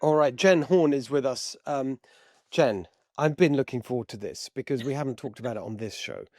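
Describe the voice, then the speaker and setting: Man, talk show host, rambling chatty delivery, mid-pitched voice, dry close sound. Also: moderate pace, darkish tone, no echo, soft background music. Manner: chatty, rambling storyteller with frequent restarts. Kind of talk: political talk show chat.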